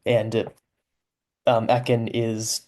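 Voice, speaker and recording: A man's voice: medium pitch, completely flat delivery, extremely slow, darkish tone. A man giving casual commentary on his own story, chatty and amused, laughing often and explaining as he goes.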